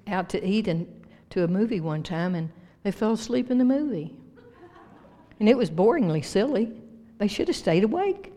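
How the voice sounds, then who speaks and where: A woman's voice: fairly low pitch, warm tone. A woman pastor preaching a folksy sermon to her congregation, laughing often and leading them in call-and-response. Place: church sanctuary. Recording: long hall reverb.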